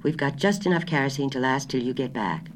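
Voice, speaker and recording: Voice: medium pitch, lively intonation, brisk, a little hiss or hum, close to an everyday voice. Older wife, patient and flustered, a reader puts her on, polite and placating, storybook. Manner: polite, placating, slightly raised voice.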